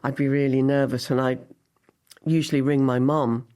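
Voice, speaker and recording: An older woman, a guest actress on a podcast, telling animated stories with frequent laughter. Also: a bass voice, moderate pace. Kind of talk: podcast interview.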